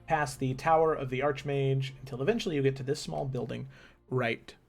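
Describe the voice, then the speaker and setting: A man's voice: medium pitch, brisk, creaky, darkish tone, soft background music. A man narrating as game master in a tabletop game, casual and full of fillers. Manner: casual, with many fillers and restarts.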